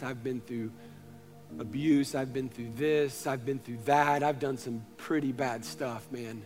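A man in his thirties, a pastor, preaching a sermon in earnest storytelling style, moving between loud passages and hushed ones. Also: mid-range voice, normal speed, faint music behind.

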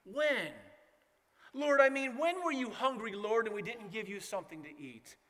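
A man's voice: sits high, animated, moderate pace, fairly bright tone, long reverb tail. A man voicing a smug, sarcastic churchgoer who makes whiny excuses to the Lord.

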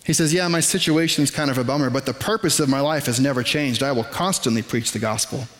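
A man preaching a sermon in a conversational, self-deprecating way, with quick asides to the congregation. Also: medium pitch, fairly bright tone, in a large hall. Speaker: pastor. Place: church sanctuary.

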